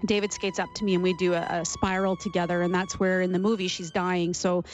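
A woman's voice: on the low side, quick pace, faint music behind, poor audio. Emotional Canadian woman recalling her past. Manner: animated, emotional storytelling. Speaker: interview guest, former figure skater. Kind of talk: interview recollection.

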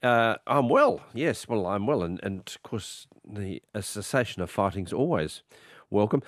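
Low-voiced male radio host, dry studio sound. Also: dry recording. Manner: measured, with frequent uh fillers. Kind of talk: radio news interview.

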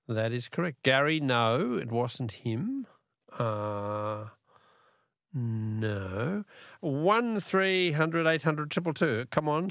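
A man's voice: mid-range voice, vocal fry, a bit bright, no room sound, clean studio sound. An Australian man hosting a live talkback radio quiz, chatty and coaxing, repeating the question for callers. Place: radio studio.

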